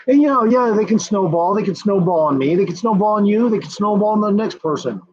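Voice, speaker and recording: A man giving a combative, profanity-laced ranting commentary with a husky voice, hammering the same points over and over. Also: sits high, lively intonation, quick pace, few pauses, highs cut off. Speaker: streamer.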